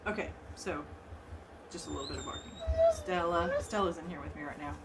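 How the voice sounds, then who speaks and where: A woman chatting casually to her viewers from a room at home as she unboxes a gift, excitable and gushing, laughing often and repeating herself. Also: low-pitched, fast talker, very noisy. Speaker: vlogger opening a gift box.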